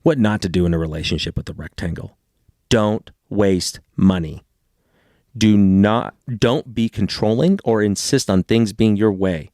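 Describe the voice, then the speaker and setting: A man hosting a casual podcast conversation, animated and swearing freely as he reads passages aloud. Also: lowish voice, measured pace, dry recording, clean studio sound. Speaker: podcast host.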